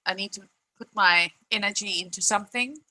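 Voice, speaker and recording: A young woman talks to her live chat in a bright, sharp voice. She rants with frustration and emphasis, swears freely and circles back to the same points. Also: mid-range voice, fairly quick, low-quality recording. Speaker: live streamer. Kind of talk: live-stream rant.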